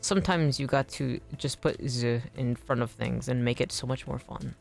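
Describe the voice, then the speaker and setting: A woman's voice: rumbling low, fairly even intonation, moderate pace, vocal fry, darkish tone. A young woman chatting casually while streaming a game, rambling and swearing easily, with faint music behind her. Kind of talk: casual gaming stream chat.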